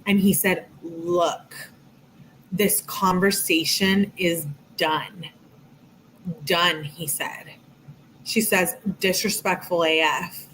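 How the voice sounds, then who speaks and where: A woman's voice: on the low side, slow, slight background noise. A young adult woman reading out text messages between two people, adding sarcastic commentary as a true crime host. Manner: reads both sides flatly, interjects sarcastic asides.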